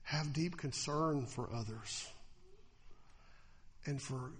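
A man preaching a sermon as pastor, animated, slipping into mocking voices to act out the attitudes he describes. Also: mid-range voice, takes it slowly, long reverb tail.

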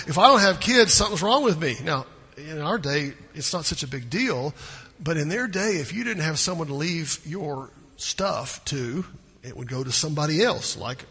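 A man's voice: a little high, vocal fry, sharp tone, breathy edge. A man preaching a sermon in a church, folksy and conversational, full of rhetorical questions to the congregation. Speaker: pastor. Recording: hall reverb.

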